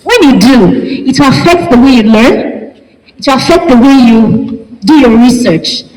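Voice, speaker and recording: A woman from Nigeria teaching an English class, speaking slowly and emphatically and spelling words out letter by letter. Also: high voice, lively intonation, crowd noise. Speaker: English lecturer. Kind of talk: classroom lecture. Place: large lecture hall. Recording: echoey lecture hall, long reverb.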